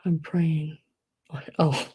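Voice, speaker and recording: A middle-aged woman talks her way through a live online auction, chatty and gushing as she calls out bids and counts down to the sale. Her voice sits a little low and sounds warm and mellow rather than bright. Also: level tone, drawn-out words, slightly rough. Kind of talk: live-stream sale chat.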